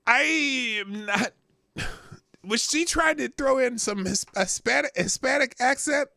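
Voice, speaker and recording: A man's voice: very high-pitched, a little slow, gravelly, pushed and bright, dry recording, studio quality. A man hosting a livestream, reacting casually to clips and chat with frequent laughs. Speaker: livestream host.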